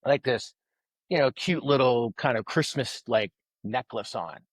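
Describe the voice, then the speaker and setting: A man tells a story in casual conversation, with an ordinary mid-range pitch and lively delivery. He slips into the voices of the people he quotes. The sound is dry and close, with no room echo. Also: measured pace. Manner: animated storyteller who acts out quoted voices. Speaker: podcast guest, author.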